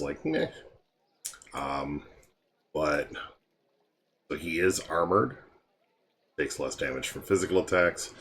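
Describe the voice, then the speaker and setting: A tired, yawning man casually walking through a mobile game's heroes, relaxed and meandering with frequent ums. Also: rumbling low, a little hiss or hum. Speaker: game guide creator. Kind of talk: casual game walkthrough commentary.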